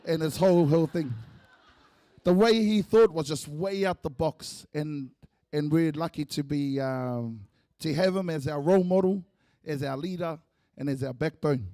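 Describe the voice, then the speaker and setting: A New Zealand man with a slightly high voice speaks at a funeral in a relaxed, joking way. He slips Māori words into his speech. The recording is dry and close. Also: normal speed, no room sound. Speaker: eulogy speaker, family member. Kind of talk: humorous eulogy speech. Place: church.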